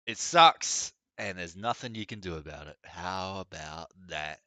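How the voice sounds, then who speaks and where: A man's voice: sits low, measured pace, sharp tone, no echo. A young man chatting casually on a live gaming stream, blunt, opinionated and mocking. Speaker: game streamer.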